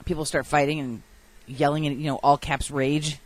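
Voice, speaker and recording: A woman co-hosting a casual radio chat show, soft-spoken with laughing asides. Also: deep voice, flat delivery, normal speed.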